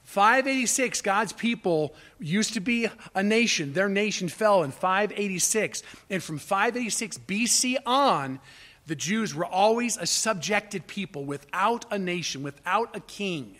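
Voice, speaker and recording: A man preaching a sermon with passion, swinging from quiet, low asides to loud, pleading cries. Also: expressive, unhurried. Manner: impassioned, rising to near shouts on quoted cries. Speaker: pastor.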